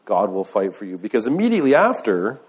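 Fast-paced and husky, this pastor's fairly low voice swings hugely in pitch as he preaches. He keeps it conversational, quizzing the room and putting scripture into everyday language.

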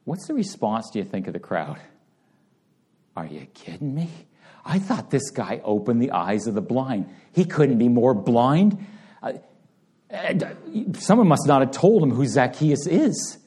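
A man delivers a sermon in a relaxed, conversational way. His voice is mellow and dark. He acts out what the crowd says as he goes and talks straight to people in the pews. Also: medium pitch, moderate pace, breathy edge. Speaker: pastor.

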